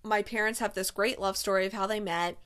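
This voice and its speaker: A woman in her thirties recapping a movie in a chatty, casual way. She fills her speech with filler words and slips into quick quoted lines. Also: mid-range voice, fairly even intonation, a bit bright, clean tone. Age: 30s. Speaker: movie reviewer.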